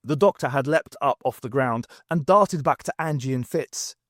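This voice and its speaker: A man reading a novel aloud, unabridged, with a wry, expressive delivery. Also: medium pitch, moderate pace, no room sound, studio quality. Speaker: audiobook reader.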